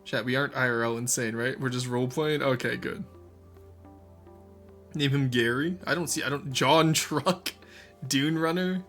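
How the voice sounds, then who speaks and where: A man's voice: mid-range voice, normal speed, pauses often, faint music behind. A young man chatting with his stream viewers, laughing often. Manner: animated, laughs often, talks to chat. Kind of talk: casual live-stream chat.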